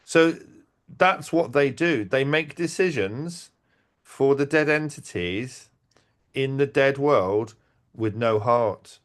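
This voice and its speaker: A man telling stories in casual talk, animated, acting out quotes and restarting his sentences. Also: mid-range voice, takes it slowly. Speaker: event organizer and podcast guest. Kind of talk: casual conversational storytelling.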